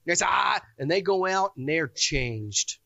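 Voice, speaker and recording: A man's voice: a little high, animated, normal speed, pushed and bright, dry recording. A man preaching a sermon, telling his own stories with fervent emotion. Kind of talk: testimonial sermon. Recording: dull, dry lo-fi recording.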